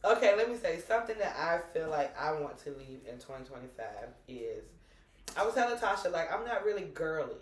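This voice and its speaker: A woman co-hosting a casual chat podcast, animated, telling stories and acting out dialogue with laughter. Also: deep voice, brisk, roomy sound, far from the mic. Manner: animated storyteller who acts out dialogue with laughter. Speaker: podcast co-host.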